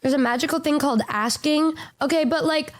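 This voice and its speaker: A woman's voice: sits high, a little fast. A woman VTuber chatting casually on stream, hesitant and stammering, playing down her own worth. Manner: hesitant, stammering, self-deprecating.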